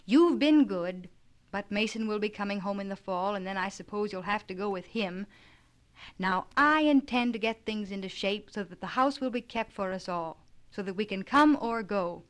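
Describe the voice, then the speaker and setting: A woman's voice: mid-range voice, lively intonation, normal speed, close to an everyday voice. Woman reading impatient old grandfather, brusque, commanding, audiobook storytelling. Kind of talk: audiobook character voice.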